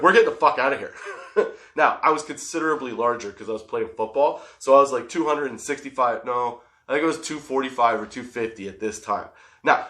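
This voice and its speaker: A man hosts a comedy podcast, spinning a long, profane story that he keeps laughing through. His voice sits at an ordinary middle pitch, and it carries a roomy echo from the space he records in. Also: pushed and bright. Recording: roomy echoey room.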